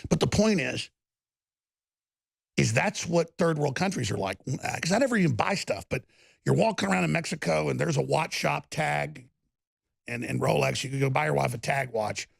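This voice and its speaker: A man with a deeply gravelly, husky voice rants through a talk-show monologue. His pitch swings widely as he talks, and he keeps erupting into angry shouts. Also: animated, normal speed, no echo, studio quality. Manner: impassioned, bursts into angry shouting. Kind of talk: ranting monologue.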